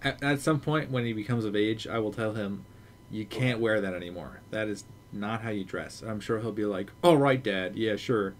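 Low-voiced man in casual podcast chat. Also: normal speed, a little hiss or hum. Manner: rambling, hesitant restarts, chuckling. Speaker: podcast co-host.

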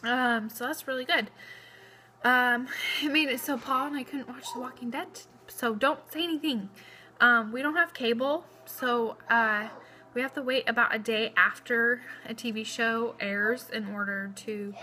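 A woman's voice: fairly high pitch, fairly even intonation, unhurried, bright, forceful tone. A young woman, heavily pregnant and a bit out of breath, chatting in a rambling vlog update at home with many fillers. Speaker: vlogger. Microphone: phone camera close up.

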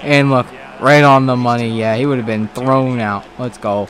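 A man giving casual let's-play commentary on a baseball video game, excitable, swearing and talking back to the game. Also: medium pitch, moderate pace. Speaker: gaming commentator.

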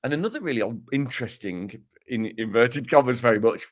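A man's voice: medium pitch, expressive, a little fast. A man co-hosting a casual podcast, explaining research with dry, self-mocking humor. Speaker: podcast co-host presenting research.

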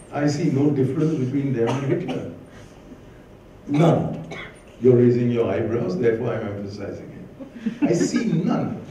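A man's voice: medium pitch, mellow, slight background noise. An older man giving a witty, combative public lecture at a university, with sardonic jokes. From born in Pakistan, raised in India. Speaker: guest speaker. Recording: roomy hall from far off, dull.

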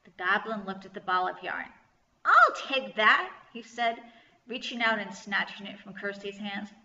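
A woman librarian reading a children's story aloud, her tone bright and lively. The voice rings in an echoey room, and the sound is slightly dull. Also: medium pitch, moderate pace.

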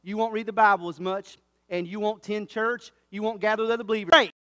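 A male pastor with a very high voice preaches with fervent emphasis, hammering his points home through repetition. His voice is close and dry, but a long reverb trails off behind it in the sanctuary. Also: steady tone, fast, pushed and bright, clean tone. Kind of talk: sermon. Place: church sanctuary.

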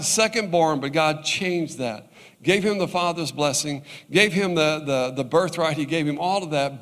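A man's voice: fairly high pitch, fairly bright tone, in a large hall. A male pastor preaching a sermon in a conversational way, often checking in with his listeners.

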